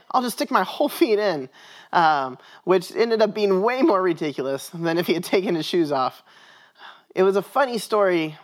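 Guy preaching in church, just chatting through a story. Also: high-pitched. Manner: conversational storytelling. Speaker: pastor. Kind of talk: sermon.

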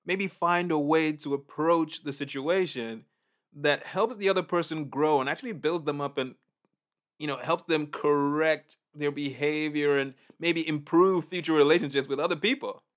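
A man preaching a casual, conversational sermon in an animated way, often acting out reactions. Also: on the high side, normal speed.

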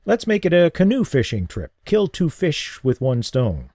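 A narrator plays a tired middle-aged father with a gentle, wry way of talking. The voice sits warm and low in tone. It is recorded dry and close. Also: huge pitch swings, moderate pace, no echo, heavily acted. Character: weary middle-aged father, radio host.

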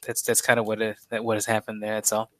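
A man's voice: on the low side, monotone, fast, dry recording. A man co-hosting a casual podcast, teasing and rambling with restarts. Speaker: podcast co-host.

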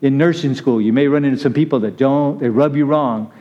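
A man's voice: mid-range voice, brisk. A man giving a casual, conversational sermon, chatty and laughing as he calls on listeners by name. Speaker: preacher. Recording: muffled lo-fi recording.

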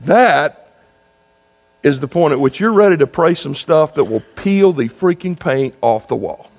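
A man's voice: fairly high pitch, expressive, moderate pace, a little mellow. A man, preaching a sermon in a conversational storytelling style that builds to fervent exhortation. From South Carolina. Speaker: pastor. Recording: long reverb with mains hum.

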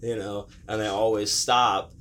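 Profane storytelling young man, bright voice. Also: fairly low pitch, little pitch movement, measured pace. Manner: loose, profane, acts out voices while telling. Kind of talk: casual storytelling chat.

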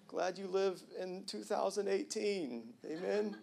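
A male pastor preaching a sermon with casual slang, swinging from hushed to loud and emphatic. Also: high voice, measured pace, gravelly, few pauses. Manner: casual slang, jokes with the congregation.

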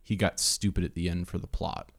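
A man co-hosting a casual film podcast, making dry jokes and calm points. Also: sits low, fairly quick, creaky. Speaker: podcast co-host.

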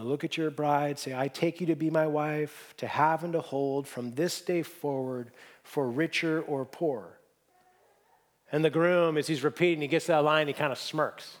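Earnest man preaching a sermon. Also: on the high side. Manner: conversational storytelling preacher, earnest. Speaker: pastor.

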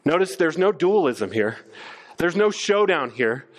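Animated pastor, high-ish voice. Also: male voice, unhurried. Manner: animated, stammers on restarts, acts out quoted voices. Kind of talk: sermon.

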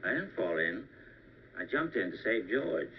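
An actor playing a gentle, earnest male angel in an old film, heard on a dull film soundtrack. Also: lowish voice, sing-song, unhurried, slight background noise.

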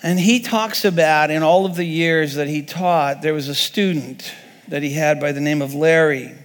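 Earnest preacher in a reverberant hall. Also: male voice, fairly high pitch, fairly even intonation, moderate pace. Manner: earnest, stumbles and repeats words. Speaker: pastor. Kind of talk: sermon.

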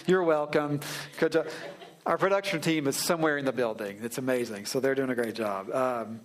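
A pastor preaching a sermon in a relaxed, joking way, slowing down to stress key phrases. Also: male voice, medium pitch. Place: church sanctuary.

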